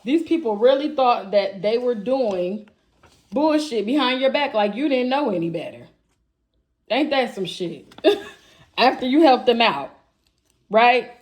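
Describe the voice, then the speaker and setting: Wanita pembaca tarot yang blak-blakan dan kasar. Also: female voice, a little high, animated, a little slow, pauses often, a little mellow. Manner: blunt, profane, emphatic, addresses viewers as y'all. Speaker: tarot reader. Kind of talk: channeled tarot reading to camera.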